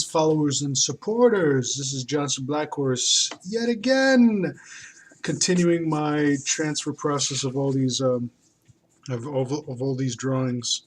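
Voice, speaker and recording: A man talking casually while he draws, rambling and hesitant, with many fillers and restarts. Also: on the high side. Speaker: artist. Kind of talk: casual talk while drawing.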